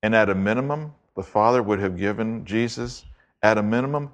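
Deliberate, emphatic low-voiced preacher. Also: male voice. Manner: emphatic, deliberate, slows to stress key words. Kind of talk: expository sermon.

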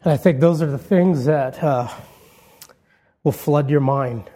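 A man with a fairly high but mellow, soft-edged voice, preaching a funeral sermon from a church. He tells anecdotes in a relaxed, conversational way, often restarting his sentences, and brings in light humor. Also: unhurried. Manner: conversational storytelling with warm humor and frequent restarts. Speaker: pastor. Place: church sanctuary.

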